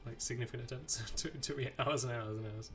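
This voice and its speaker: A man in an easygoing gameplay stream, his pitch sitting right in the middle. He rambles along and chats with the characters on screen. Game music plays clearly underneath him. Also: steady tone, fast. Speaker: streamer playing a video game. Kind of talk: casual live gameplay commentary.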